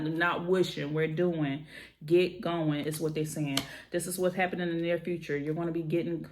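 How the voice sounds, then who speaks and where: A woman's voice: fairly low pitch, a little hiss or hum. A woman giving a tarot reading in an emphatic, encouraging way, repeating key phrases for emphasis. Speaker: tarot reader.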